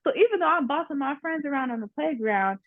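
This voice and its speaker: A young woman actress telling stories about herself in a casual, animated interview. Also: high-pitched, fast, no room sound. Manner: animated, laughing storyteller. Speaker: actress guest. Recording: dry tinny phone-like line.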